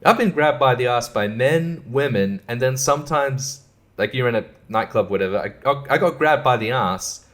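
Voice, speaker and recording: With lively intonation and a medium-pitched, fairly bright voice, a man runs a podcast by himself at a moderate pace. His casual monologue wanders, sarcastic and profane, punctuated by his own chuckles.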